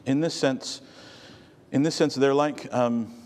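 A man's voice: medium pitch, fairly even intonation, slow, a little mellow. Conversational man preaching in a reverberant hall. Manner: conversational, storytelling. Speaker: pastor. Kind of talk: sermon.

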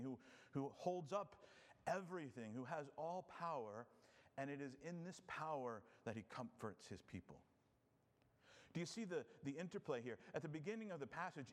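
Guy preaching in a big echoey church, gets loud then drops real quiet. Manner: expressive preaching, swings between loud emphasis and soft lows. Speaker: pastor. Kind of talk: sermon.

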